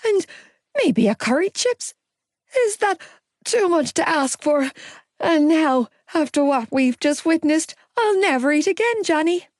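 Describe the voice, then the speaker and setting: A woman's voice: high-pitched, expressive, unhurried, no echo, clean studio sound, voice pushed up. A woman voicing a panicky young man who wails and whines at everything, in an audiobook. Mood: panicked, whining. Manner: wailing, whiny and exasperated. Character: panicky young Irish man, driving, whining.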